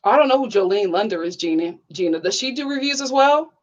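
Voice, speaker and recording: A young woman hosting a casual livestream, chatty and bubbly, full of "like" fillers and sudden excited high exclamations. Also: quick pace, muffled recording. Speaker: YouTube reality-TV reviewer reading live chat.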